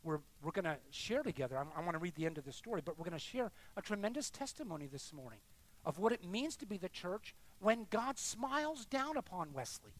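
A middle-aged male pastor preaching with a lively, wide-ranging pitch. He swings between hushed, confessional lines and loud, insistent repetition. His delivery is emphatic and direct. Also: brisk. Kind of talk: sermon.

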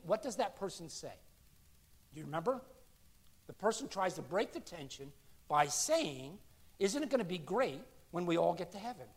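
A male pastor preaching a sermon, swinging between loud, ringing shouts and hushed, low asides.

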